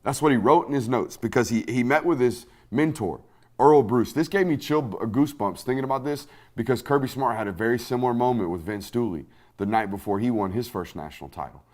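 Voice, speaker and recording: A man hosting a sports podcast, telling stories in an animated, profane, casual way. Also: mid-range voice, a little fast.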